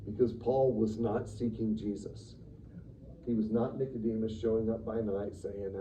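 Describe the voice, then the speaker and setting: A man teaching a church Sunday school class in a lively, conversational way, acting out the quotes he reads. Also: on the low side, moderate pace. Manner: animated, conversational, acts out quotes with sudden loud bursts. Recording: distant, dull room recording with faint noise.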